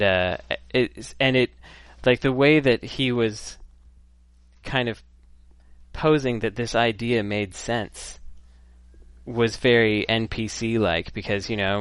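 A man's voice: on the low side, clean tone, no echo. A man co-hosting a casual podcast chat, telling rambling anecdotes and quoting people in passing. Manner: rambling anecdotes with acted quotes. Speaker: podcast co-host.

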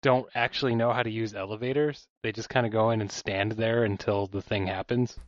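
A man co-hosting a podcast, adding dry, deadpan remarks to a casual conversation. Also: lowish voice, a little fast, no echo. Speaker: podcast co-host. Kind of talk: casual chat. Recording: dull lo-fi mic.

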